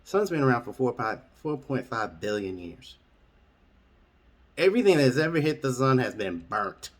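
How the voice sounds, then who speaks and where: A man telling an absurd comic story straight, in a matter-of-fact, deadpan way. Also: medium pitch, moderate pace. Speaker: storyteller host.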